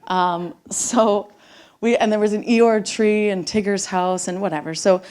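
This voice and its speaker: A woman's voice: mid-range voice, fairly even intonation, unhurried, darkish tone, smooth. A middle-aged woman telling a personal story live onstage, sometimes dropping to a near-whisper. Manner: intimate, drops to near-whispers at tender moments. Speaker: storyteller on stage. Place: theater stage before an audience.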